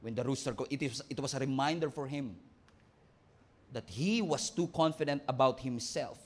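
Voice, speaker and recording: A man with a Filipino accent, a pastor preaching a sermon, switching between English and Tagalog and moving from loud, excited storytelling to hushed reflection. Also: medium pitch, moderate pace. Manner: mixes English and Tagalog mid-sentence.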